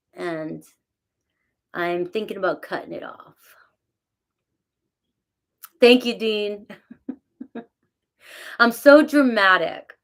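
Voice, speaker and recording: A middle-aged woman chatting casually with her live viewers, self-mocking, laughing often and thanking them by name. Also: medium pitch. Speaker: tarot reader talking to live chat. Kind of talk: casual live-stream chat.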